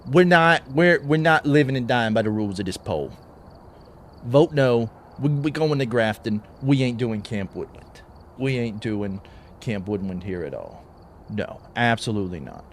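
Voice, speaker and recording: A man's voice: medium pitch, moderate pace, slight background noise. A young man streaming a horror game live, chatting with his viewers in a mock-exasperated, joking way. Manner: animated, mock-exasperated banter with chat. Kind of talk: casual live-stream chat.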